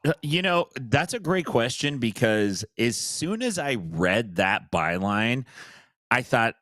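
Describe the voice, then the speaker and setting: A man's voice: mid-range voice, sing-song, slow pace, fairly bright tone, no room sound, studio quality. A man co-hosting a podcast, trading laid-back jokes in casual chat. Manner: joking, laid-back banter. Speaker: podcast co-host.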